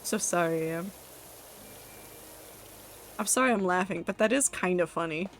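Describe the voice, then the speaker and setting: With a fairly low voice at a moderate pace, this young woman games on stream from home, reading her live chat and rambling casually while laughing at herself. There's a little hiss or hum.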